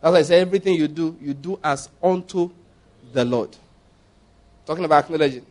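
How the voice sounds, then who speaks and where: A middle-aged Nigerian man preaching at a Bible study, chatty and lively, with laughing asides. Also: a little high, brisk. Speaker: pastor.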